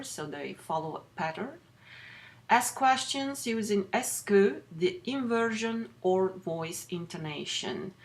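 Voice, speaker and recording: A middle-aged woman teaching a recorded French lesson, explaining patiently with many pauses and restarts. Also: fairly low pitch. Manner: explains slowly with frequent fillers and restarts. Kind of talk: recorded lecture overview.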